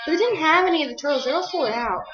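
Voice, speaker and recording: A woman's voice: sits high, animated, rapid-fire, reverberant, highs cut off. A teenage girl vlogging in a rambling, bubbly way, full of fillers. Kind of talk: casual chat.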